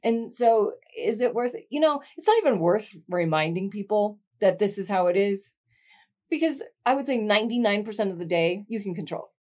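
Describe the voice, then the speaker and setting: A woman's voice: mid-range voice, lively intonation, moderate pace, a little mellow. A middle-aged woman co-hosting a podcast in casual chat, frank and reflective, swearing now and then. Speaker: podcast co-host.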